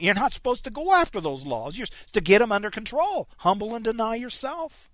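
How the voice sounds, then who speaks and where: Emphatic male preacher, lively high voice. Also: no echo. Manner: emphatic, frequent stammered restarts. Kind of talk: sermon.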